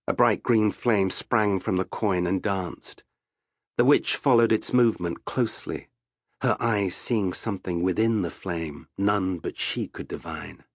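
A man narrating a fantasy story for an audiobook in a slow, measured storytelling voice. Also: low voice, breathy edge, dry recording, clean studio sound.

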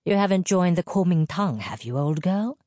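A woman's voice: lowish voice, expressive, moderate pace, dark tone, no echo, pitched above the performer's own voice, lightly acted. A woman voicing a man in his late thirties, a mining engineer who talks in a dry, clipped, dismissive way. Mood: firm.

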